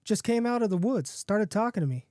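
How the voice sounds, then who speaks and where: A man voicing an excitable rough man who insists his wolf can talk, loud and pushy. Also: high voice, fairly quick, no echo, clean studio sound, voice pushed up. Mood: excited.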